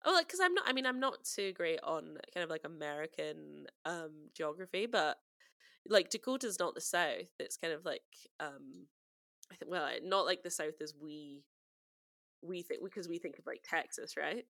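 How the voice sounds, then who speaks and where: Bright, giggly woman podcaster. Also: low-pitched, expressive, moderate pace, vocal fry, no echo, studio quality. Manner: chatty, giggly, lots of fillers. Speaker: podcast co-host. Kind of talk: casual chat.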